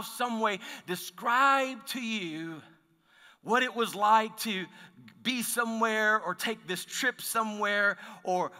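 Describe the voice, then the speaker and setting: In a church sanctuary with the sound of a large hall, a male pastor preaches a sermon in a very high-pitched, bright, forceful voice. He tells stories conversationally, restarting frequently.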